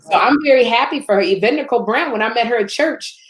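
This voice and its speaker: A woman from Chicago, a guest telling lively stories in casual chat, laughing and acting out quotes. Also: fast talker. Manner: animated, laughs often, acts out quotes in higher voice. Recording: roomy echo.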